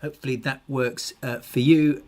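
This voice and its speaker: A man's voice: mid-range voice, fairly even intonation, moderate pace, darkish tone. A man presenting a webinar, answering audience questions in a hesitant way, with many restarts. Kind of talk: live webinar Q&A.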